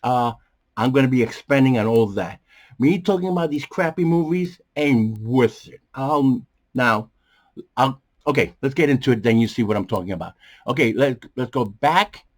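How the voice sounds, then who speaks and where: A man hosting a movie review show from a small bedroom studio, talking in a rambling, animated way with many fillers and a strained, coughing voice. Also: medium pitch, normal speed. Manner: animated, jumps around, many fillers and restarts. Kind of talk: casual rambling commentary.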